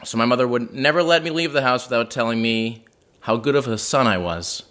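A man's voice: medium pitch, brisk, fairly bright tone. A man telling a wry, self-deprecating personal story at a live house show in a living room.

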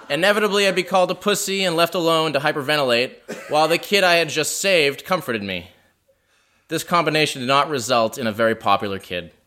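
A man's voice: a little high, animated, fast talker, sharp tone. A man telling a wry, self-deprecating personal story at a live house show in a living room.

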